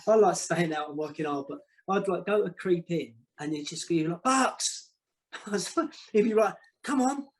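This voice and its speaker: Animated storytelling man, higher voice. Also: low-quality recording. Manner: animated, repeats words, acts out quotes. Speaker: guest, former football manager. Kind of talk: casual storytelling.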